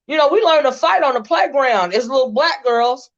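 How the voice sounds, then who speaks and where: A woman's voice: sits high, animated, normal speed. A woman hosting a casual panel chat, sassy and teasing, laughing often. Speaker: channel host. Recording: dull lo-fi stream audio.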